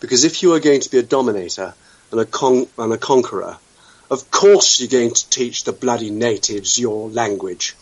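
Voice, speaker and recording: A man's voice: mid-range voice, normal speed, darkish tone, slightly rough, muffled recording. A man from the UK hosting an internet radio talk show, wry and blunt, throwing out sweeping opinions with the odd swear word. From United Kingdom.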